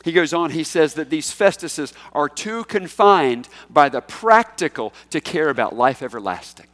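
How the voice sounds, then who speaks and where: A man preaching a sermon in a conversational, emphatic way, with big swings in pitch and loudness. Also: animated, moderate pace. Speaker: pastor. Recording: echoey hall.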